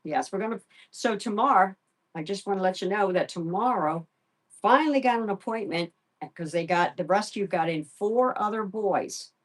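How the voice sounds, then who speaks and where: Middle-aged woman host, lively sing-song pitch, soft baby talk to a pet, casual chat with viewers. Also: normal speed. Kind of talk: casual live-stream chat.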